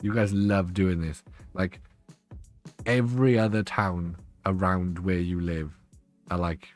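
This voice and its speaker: A man's voice: on the low side, a little mellow. A young man, chatting and joking with viewers on a live stream, laughing often. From Wales. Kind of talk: casual live-stream chat.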